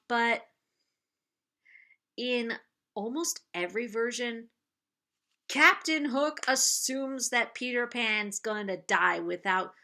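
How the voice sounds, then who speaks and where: A woman giving a casual spoken film review, halting and restarting often and laughing as she talks. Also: a little high, pushed and bright. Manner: halting, many restarts and self-corrections; laughs often while talking.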